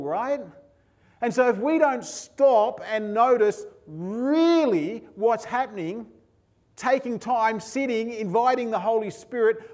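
A middle-aged man delivers a sermon in a fairly high voice. He preaches earnestly, stacking words into emphatic lists and circling back to short refrains. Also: a little mellow. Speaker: pastor.

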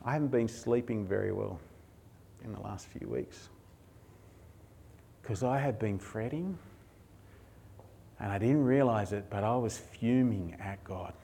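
A man preaching a sermon as pastor, emotional, moving between hushed and raised passages. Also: on the low side, normal speed, gravelly.

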